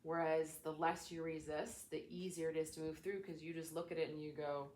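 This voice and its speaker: Low-voiced woman, gentle spiritual coach. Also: flat delivery, a little fast, hardly any pauses, slight background noise. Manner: gentle, soothing, reflective, with chatty fillers. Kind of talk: casual teaching talk.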